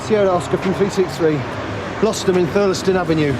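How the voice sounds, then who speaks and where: A man's voice: high-pitched, steady tone, a little fast, lightly acted. A man playing a patrol constable over sirens. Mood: urgent. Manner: clipped radio talk. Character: young male patrol constable on radio. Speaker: police constable. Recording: loud sirens and traffic.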